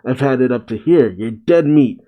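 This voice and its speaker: A man's voice: medium pitch, lively intonation, normal speed, highs cut off, close to an everyday voice. A man reading aloud as a boastful young bully threatening rivals over his turf. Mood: taunting.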